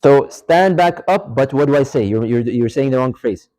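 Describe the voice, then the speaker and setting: A man's voice: mid-range voice, animated, moderate pace, warm tone, low-quality recording. A man teaching an interactive religious studies class in a mosque, quizzing students and repeating key points for emphasis. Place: mosque lecture hall.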